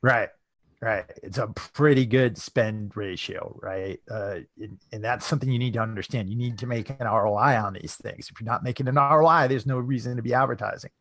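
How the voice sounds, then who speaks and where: A man's voice: mid-range voice, fairly quick, a bit bright, no echo. Chatty man teaching a live webinar, dry sound. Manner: chatty, tags sentences with "right?". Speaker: webinar presenter.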